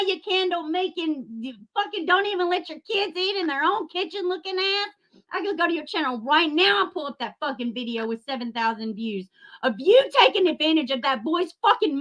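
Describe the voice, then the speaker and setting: This YouTube channel host rants on a livestream, angry, profane, and sarcastic, calling out viewers in the chat by name. Her voice is high and a bit bright.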